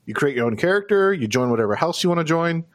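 A man's voice: a little high, expressive, quick pace. A man co-hosting a casual gaming podcast, joking around and swearing casually. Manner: jokey, laughs at own bits, swears casually. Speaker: podcast co-host. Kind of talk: casual chat.

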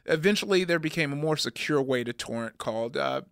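A man's voice: medium pitch, lively intonation, fairly quick, gravelly, fairly bright tone, smooth, dry recording, clean studio sound. Rambling, jokey male podcast co-host. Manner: rambling and jokey, with frequent restarts. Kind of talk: casual chat.

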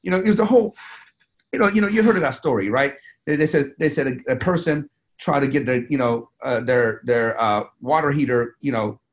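Interviewed as a guest, a business owner and bodybuilder tells stories in a rambling, profane way, full of fillers and restarts, in a casual storytelling interview. His mid-range voice moves at a brisk pace.

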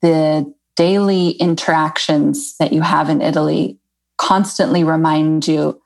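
Woman from the US, low voice, gravelly, husky, thoughtful casual chat. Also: steady tone, a little slow, darkish tone. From United States. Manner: reflective, thoughtful, many small restarts. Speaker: guest, expat writer and tour guide.

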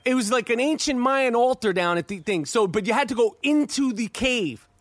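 High-voiced, profane New man. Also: moderate pace. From New York. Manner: profane, excitable, stammering restarts. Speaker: podcast host. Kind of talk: casual storytelling.

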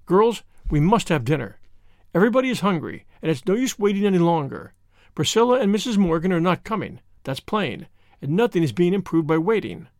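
A man's voice: high-pitched, sing-song, fairly quick, no echo, studio quality. A man voicing a stern, strict older woman guardian who speaks firmly and scolds. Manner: scolding, firm.

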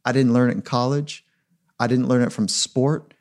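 A man's voice: mid-range voice, steady tone, moderate pace, a little mellow. A man being interviewed as a performance psychologist, talking in a reflective, emphatic way. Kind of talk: podcast interview.

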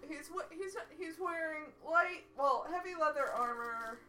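A woman's voice: high voice, measured pace, pushed and bright. A woman playing a tabletop role-playing game who talks in a casual, self-deprecating and apologetic way. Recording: echoey room, far from a single mic, faint music.

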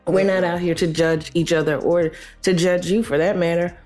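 A woman co-hosting a casual chat, talking slowly and earnestly and filling her talk with "you know". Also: lowish voice, flat delivery, a little mellow, soft background music. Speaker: co-host.

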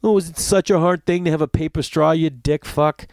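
A man's voice: on the high side, a little fast, no echo. A middle-aged man telling a story in a casual monologue, ranting and swearing as he goes. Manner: profane, ranting, animated storytelling.

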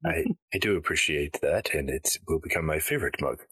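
A man playing a tabletop game in a dry, deadpan way. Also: extremely low pitch, moderate pace, breathy edge, dry recording. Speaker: player. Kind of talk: casual tabletop play.

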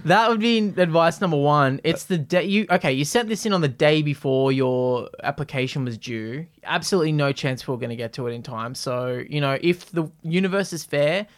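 A woman's voice: sits low, a little fast, hardly any pauses. A woman co-hosting a podcast, chatting casually with dry, wry humor. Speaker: podcast co-host. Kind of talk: casual chat.

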